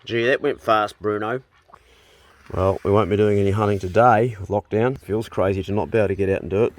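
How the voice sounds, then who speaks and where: A New Zealand man vlogs around his farm outdoors, filming on his phone and chatting casually, even talking to his animals. He's chatty and easygoing, with a lowish, steady voice that runs a little fast.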